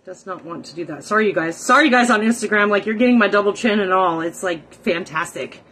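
A woman's voice: mid-range voice, fast, fairly bright tone, husky, poor audio. A middle-aged woman chatting to viewers during a live cooking stream from her small home kitchen. She talks casually and is self-deprecating, sounding exasperated by her setup and recording on her phone. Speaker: cooking livestream host.

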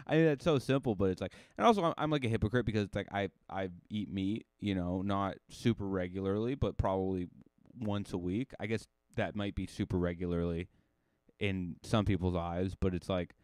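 A man hosting a casual solo podcast, telling a rambling story full of restarts and sudden rises in pitch. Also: moderate pace, clean tone, no echo. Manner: rambling, self-correcting storyteller with lively jumps in pitch. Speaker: podcast host.

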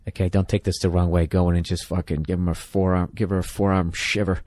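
Deep-voiced blunt profane man. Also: little pitch movement, fairly quick, darkish tone, dry recording. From United States. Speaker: podcast host giving advice. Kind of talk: comedic advice rant.

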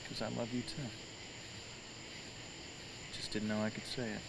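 An actor playing a shy, tender man who speaks hesitantly and softly. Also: lowish voice, flat delivery, measured pace, heavy background noise. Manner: hesitant, soft-spoken. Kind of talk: student film acting.

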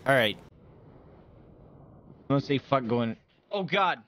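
A man's voice: medium pitch, unhurried. A man streaming a video game, chatting with viewers and yelping and swearing as he plays. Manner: excitable, yelps and swears at the game. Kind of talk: casual gameplay commentary.

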